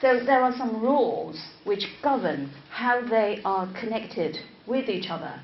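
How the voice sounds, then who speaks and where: An unhurried woman English teacher from China lectures a class, repeating her key words and asking students to confirm. The recording is dull and lo-fi, in an echoing room, with a faint hum of ambience behind her. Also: fairly high pitch, expressive. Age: 50s.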